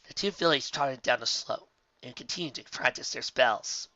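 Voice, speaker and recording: A reader narrating a fan story aloud, lively storybook delivery. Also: medium pitch, moderate pace, no room sound, dull audio.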